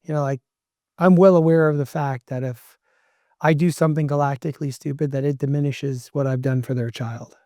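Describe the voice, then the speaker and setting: A man's voice: fairly high pitch, steady tone, fairly quick, dark tone, no room sound, clean studio sound. A middle-aged man, a podcast guest, talking earnestly and emphatically like a motivational speaker. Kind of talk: casual interview talk.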